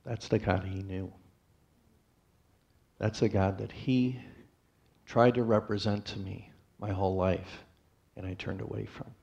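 A man telling his personal testimony to a church congregation, in a plainspoken storytelling way with pauses and restarts. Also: fairly low pitch, steady tone, creaky, dark tone, lo-fi sound.

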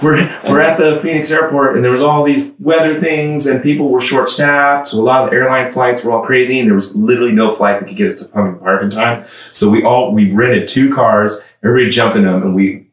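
A young man telling a wild story in casual chat, animated, swearing often, laughing and shouting out the outbursts he quotes. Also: mid-range voice, brisk, few pauses, distant mic. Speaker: musician guest. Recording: echoey room, voice a bit off-mic, background noise.

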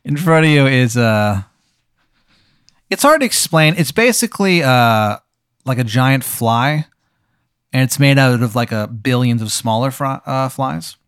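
A man's voice: mid-range voice, expressive, a little slow, fairly bright tone, smooth, no room sound, studio quality. A young adult man narrating a comedic tabletop game as game master. He rambles, with frequent fillers and restarts.

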